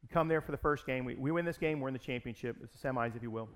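A pastor telling a personal story in a sermon, in an animated, conversational way. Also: male voice, medium pitch, rapid-fire.

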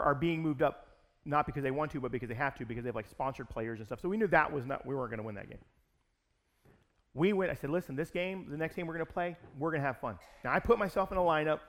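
A pastor telling a personal story in a sermon, in an animated, conversational way. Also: male voice, a little high, quick pace.

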